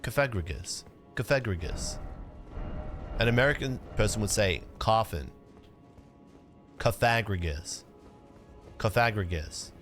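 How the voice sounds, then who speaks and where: A man's voice: lowish voice, expressive, normal speed, a bit bright, faint music behind. A young man chatting casually on a livestream while gaming, laid-back and rambling, cursing now and then. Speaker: streamer.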